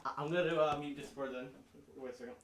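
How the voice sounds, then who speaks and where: A man's voice: mid-range voice, steady tone, fast talker. A man hosting a casual podcast chat, reading out news items and often talking away from the mic. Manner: reads out news items, quiet at times. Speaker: podcast host.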